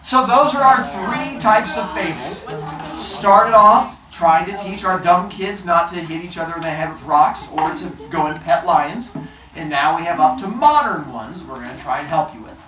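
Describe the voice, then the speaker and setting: A man teaching a class, telling a modern fable with playful, animated delivery and character voices. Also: high voice, moderate pace, roomy sound.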